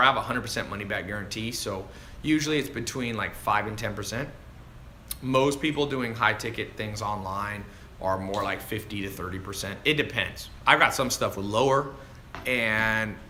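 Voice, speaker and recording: A man coaching viewers on a casual livestream, animated and chatty, calling people dude and man as he answers their questions. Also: medium pitch, a little hiss or hum. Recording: roomy echo with faint ambience.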